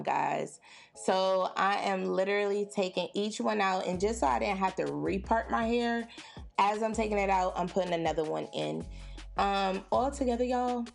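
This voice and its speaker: A woman's voice: mid-range voice, creaky. A young woman filming a hair vlog at home, talking chattily and expressively straight to her viewers. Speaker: hair tutorial vlogger. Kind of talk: chatty self-filmed vlog. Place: at home, indoors.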